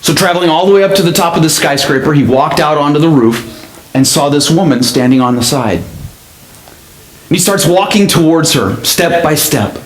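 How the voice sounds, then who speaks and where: A male pastor telling a story in a sermon, with an expressive delivery that speeds up and slows down. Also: a little high. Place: church sanctuary. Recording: echoey church sanctuary.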